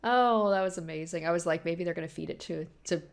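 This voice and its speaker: A woman's voice: deep voice, fast, gravelly. A woman hosting a casual anime reaction, chatting along, often laughing and quoting the characters. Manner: chatty, animated, lots of "like" and laughter.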